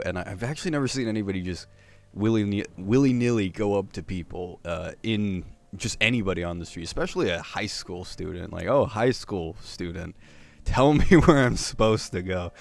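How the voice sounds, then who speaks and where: A man's voice: sits low, creaky. A young man hosting casual anime commentary, rambling with many fillers and restarts.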